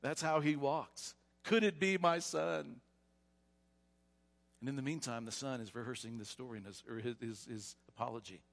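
A male pastor preaching a storytelling sermon, animated, often repeating words as he goes. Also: medium pitch, a little fast, few pauses, big-room sound. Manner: animated retelling, frequent repetitions. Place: church sanctuary.

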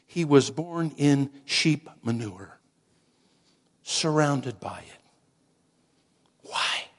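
A man preaching a sermon slowly and dramatically, dropping at times to a hushed near-whisper for emphasis. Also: a little high, slightly rough. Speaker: pastor.

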